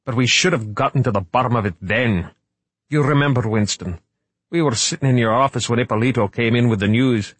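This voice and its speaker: A man's voice: medium pitch, breathy edge, no room sound, voice pushed up, natural voice. A man voicing a blunt, dubious male museum official who lectures his colleagues sternly. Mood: lecturing.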